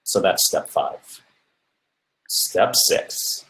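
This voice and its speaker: Male podcast host, mid-pitch, chatty advice delivery, recorded with a roomy echo. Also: measured pace. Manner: many fillers and restarts, asks "right?" often. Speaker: podcast host giving speaking tips. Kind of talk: casual advice talk.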